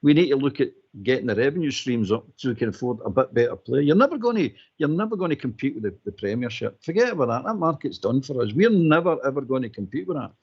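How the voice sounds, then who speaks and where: A man's voice: mid-range voice, expressive, fast talker, hardly any pauses, darkish tone, husky. A Scottish man calling in to a radio phone-in, giving his opinion emphatically and repeating his points. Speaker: caller. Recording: muffled phone-in line.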